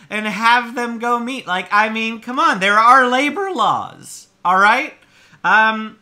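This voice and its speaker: Male vlog host, bright forceful tone, chatty, exasperated commentary on reviews. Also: high-pitched. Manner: exasperated, explaining at length; chatty with frequent fillers. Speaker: host of a theme park channel. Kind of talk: casual review reaction commentary.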